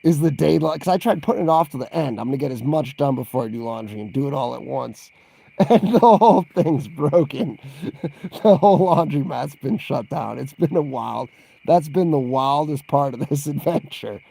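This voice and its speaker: Gravelly man chatting on a livestream. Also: a little high, expressive, moderate pace, warm tone. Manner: rambling and chatty, laughs often, reacts to live chat. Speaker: vlogger answering viewer questions. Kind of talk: casual livestream Q&A.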